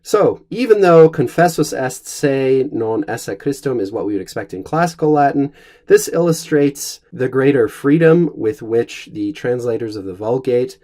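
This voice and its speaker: A man teaching a Latin lesson, speaking in a measured, explanatory way and slowing down to pronounce the Latin. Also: medium pitch, lively intonation, dark tone.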